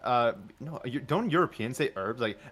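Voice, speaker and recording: Hesitant Canadian man with a lively voice. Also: medium pitch, normal speed. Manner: hesitant, searches for words. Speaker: streamer. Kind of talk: casual chat.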